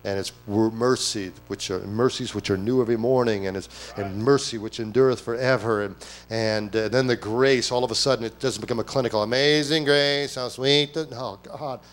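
A man preaching a sermon at a church service, animated, acting out quoted voices and firing off rhetorical questions. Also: on the low side, a little fast. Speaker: pastor.

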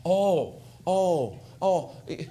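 An older man preaching a comic storytelling sermon, acting out scenes and shouting voices loudly. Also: high-pitched, extremely slow. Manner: animated, acts out scenes with loud shouts.

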